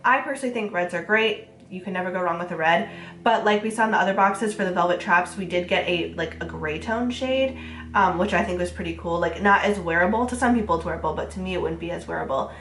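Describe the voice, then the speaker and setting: A young beauty vlogger with a lowish, fairly bright voice sounds nasal from a cold as she reviews makeup. She chats fast and casually, heavy on fillers, in a recording with slight background noise and a roomy echo.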